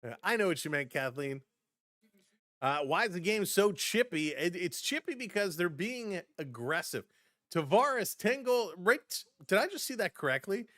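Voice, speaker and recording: A man's voice: a little high, a bit bright, dry recording, studio quality. A man hosting a live hockey stream, mixing casual play-by-play with laughing chat to viewers. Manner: chatty, laughs often, jumps between plays and viewer chat.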